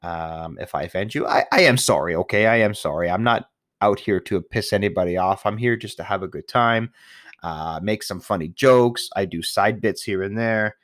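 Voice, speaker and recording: A young man with a deep, low voice talks casually into a close mic, recorded dry with no room sound. He rambles and swears and pokes fun at himself, and he sounds nervous. His talk is full of fillers and sniffles. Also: normal speed, fairly bright tone, no echo. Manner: rambling, profane, self-mocking, with fillers and sniffles. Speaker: podcast host. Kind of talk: casual solo podcast chat.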